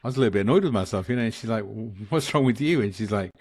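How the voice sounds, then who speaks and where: On a video call for an Akashic Records channel, a male guest talks spiritual matters casually and earnestly. His fairly low, darkish voice races along with no room sound, rambling with many restarts.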